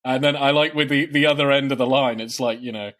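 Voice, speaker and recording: A man's voice: medium pitch, fairly even intonation, fast, fairly bright tone. A man co-hosting a film podcast, rambling casually with lots of fillers and frequent laughs. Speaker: podcast co-host.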